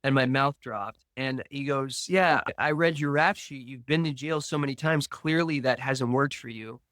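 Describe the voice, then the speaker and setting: A man, a guest on a podcast, slowly and earnestly telling a personal recovery story, acting out remembered dialogue. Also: mid-range voice, a bit bright, no echo.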